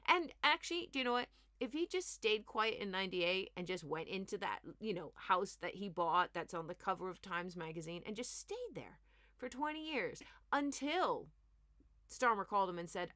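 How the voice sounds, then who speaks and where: A woman comedian hosts a comic news rundown, talking with a mid-range voice. She rants with sarcastic, animated asides. The sound is dry and close, with no room echo. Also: medium pitch, normal speed. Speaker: comedian host.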